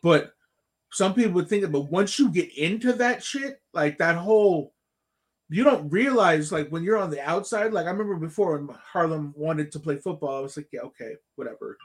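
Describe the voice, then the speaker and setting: A man in his thirties, a podcast host telling a rambling, animated story in casual chat, swearing often. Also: a little high, moderate pace.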